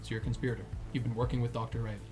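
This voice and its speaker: A man's voice: mid-range voice, level tone, racing, a little mellow, lightly acted. A man voicing a stern, suspicious male security officer who fires short questions, over background music. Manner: curt, interrogating.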